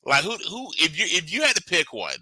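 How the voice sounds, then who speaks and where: Middle-aged male co-host, jokey riffer, very bright voice. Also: a little high, wildly swooping pitch, husky, dry recording, poor audio. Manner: jokey, riffing, quick asides. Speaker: podcast co-host. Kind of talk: casual chat.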